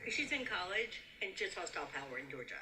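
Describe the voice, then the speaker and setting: A middle-aged woman guest on a casual live chat, halting and trailing off mid-thought. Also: mid-range voice, sing-song. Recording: distant mic with crowd noise.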